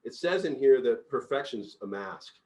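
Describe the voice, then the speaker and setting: A middle-aged man leading a casual group book discussion as company CEO, telling stories with lots of laughter and loudly acting out quotes. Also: mid-range voice, normal speed. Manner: animated storyteller, laughs often, acts out quotes loudly.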